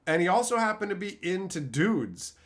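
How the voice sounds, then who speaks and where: A man in his thirties chatting casually on a live stream, telling stories and shouting out loud quotes. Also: high-pitched, sing-song, moderate pace. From Canada. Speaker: streamer opening card packs.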